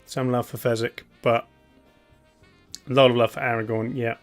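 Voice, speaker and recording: A man's voice: mid-range voice, level tone, moderate pace, faint music behind. A man hosting a live stream in a casual, laid-back way. He chuckles often and hums idly between remarks. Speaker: streamer host.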